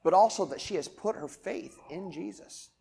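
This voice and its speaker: A man preaching a sermon in a relaxed, talky way, full of "right?" asides to the congregation. His voice sits a little higher than most men's. He swings from loud, emphatic lines to quiet, close remarks. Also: moderate pace, vocal fry, breathy edge. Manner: casual conversational preaching with rhetorical questions. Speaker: pastor.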